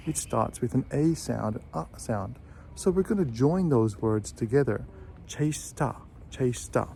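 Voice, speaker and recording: A man gives an English pronunciation lesson at a mid pitch, patient and steady. He says example phrases slowly and repeats them. A faint background hiss sits under his voice. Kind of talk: video lesson. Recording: faint background noise with birdsong.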